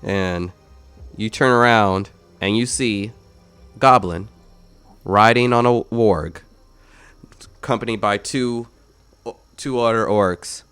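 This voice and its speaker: A man's voice: fairly low pitch, slow pace, long pauses, a bit bright, clear, resonant tone, faint music behind. A man narrating a tabletop game as the game master, in a loose, rambling way with many fillers.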